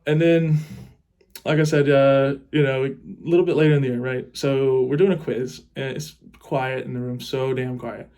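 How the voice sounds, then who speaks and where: A man's voice: medium pitch, steady tone, moderate pace, a little mellow. Rambling young man telling a crude story. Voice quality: rambling and crude, with frequent laughs. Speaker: teacher. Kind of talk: casual comic storytelling.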